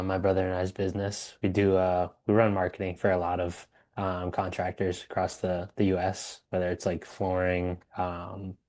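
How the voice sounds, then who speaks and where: A twenty-year-old man hosts a podcast in a very deep, even-toned voice that barely rises or falls. He keeps things easygoing and steady, backing up his guest with short affirmations. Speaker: podcast host. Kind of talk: casual interview.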